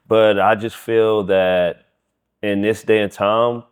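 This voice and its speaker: Deep-voiced man, earnest motivator. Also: flat delivery, slow, clean tone. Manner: motivational, earnest, backs up others with yeahs. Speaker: podcast co-host, gym trainer. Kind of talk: casual podcast chat.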